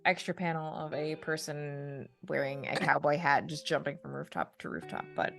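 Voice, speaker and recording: A woman narrating as game master of a tabletop roleplaying game, relaxed and playful. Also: low voice, normal speed, gravelly, soft background music.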